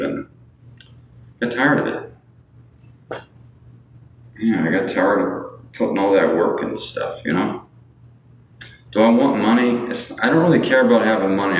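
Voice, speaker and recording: With a deep, fairly bright voice, a man talks casually on a livestream, rambling and answering viewers while asking them for money. He often adds "you know what I'm saying", and the echoey room carries faint background noise.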